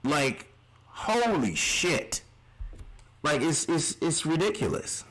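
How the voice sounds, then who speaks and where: A man's voice: a little high, very animated, takes it slowly, fairly bright tone, rough recording. A man streaming live reactions, ranting in an exasperated, heavily profane way.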